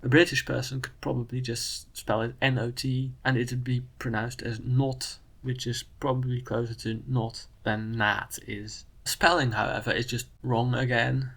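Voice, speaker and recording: A young man with a Dutch accent talks through spelling rules in a careful, analytical way, sometimes correcting himself as he goes. His mid-range voice has a gravelly, creaky edge. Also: medium pitch, flat delivery, moderate pace, hardly any pauses, fairly bright tone. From Netherlands. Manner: analytical, methodical, self-correcting. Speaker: video creator. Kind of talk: explanatory commentary.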